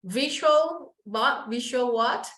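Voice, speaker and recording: A woman from Colombia with a Paisa Spanish accent, teaching an English class and modelling sounds slowly, slipping into Spanish to explain. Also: on the high side, lively intonation, a bit bright, reverberant, low-quality recording.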